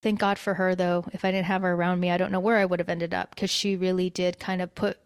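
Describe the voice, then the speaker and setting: A woman's voice: fairly low pitch, level tone, fast talker, clear, resonant tone, dry recording, clean studio sound. Woman sharing a personal story. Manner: emotional, confessional, many fillers. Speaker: guest.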